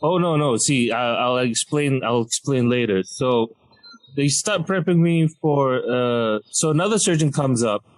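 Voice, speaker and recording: A man's voice: medium pitch, a little slow, poor audio. A young man from Malaysia, a comedian telling a story on a podcast and acting out the other people in it. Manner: animated, acts out voices of doctors and nurses. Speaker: comedian guest.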